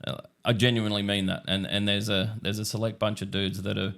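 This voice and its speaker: Low-voiced Australian man telling stories. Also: level tone, a little fast, gravelly, fairly bright tone. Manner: rambling storyteller, acts out his own past lines. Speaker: guest. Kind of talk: casual podcast chat.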